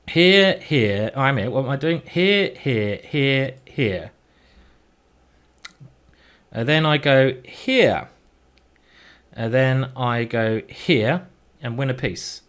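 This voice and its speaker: A man's voice: mid-range voice, expressive, unhurried, fairly bright tone. A man streaming a chess game, chatting and thinking aloud as he plays, with mild swearing. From England. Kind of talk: live game commentary.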